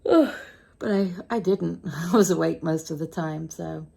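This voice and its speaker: A woman's voice: low voice, fairly even intonation, moderate pace, vocal fry, warm tone, breathy edge. A tired British woman chatting casually through a day-in-the-life vlog at home, rambling and self-deprecating. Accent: British English. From Britain. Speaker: vlogger.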